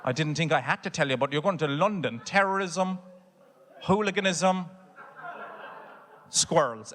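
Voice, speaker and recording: Cork Irish stand-up comic in a hall. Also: male voice, on the high side, normal speed, pauses often, a bit bright, slight background noise. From Ireland. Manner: swearing, storytelling with exaggerated voices for his family. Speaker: stand-up comedian. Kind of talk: stand-up comedy set. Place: theatre stage before a laughing audience.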